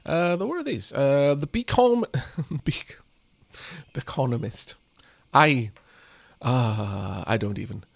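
A man's voice: medium pitch, very animated, slow, vocal fry, long pauses, fairly bright tone, slightly rough, dry recording. A young man casually commentating while playing a game, joking and reading text aloud. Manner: playful, reads text aloud, jokes, many fillers. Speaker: let's play host.

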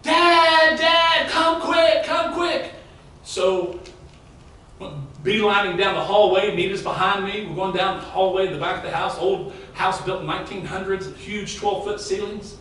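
A man's voice: high-pitched, fairly even intonation, normal speed, fairly bright tone, slight background noise. Middle-aged pastor guy preaching, chatty storyteller, heard from way back in a big echoey church. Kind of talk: sermon. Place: large church sanctuary. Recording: very echoey hall, mic far off.

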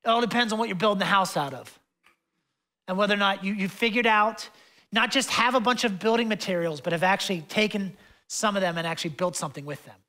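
The speaker is a young adult man preaching as a pastor, relaxed and conversational with lots of filler words and asides. Passionately, he shifts between loud sections and soft ones, speaking fast in a high register.

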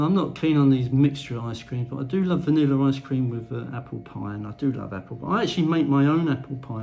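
A man's voice: medium pitch, vocal fry, darkish tone, low-quality recording. A man delivering a blunt, crude ranting monologue to camera as a vlogger. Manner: blunt, crude, swears freely.

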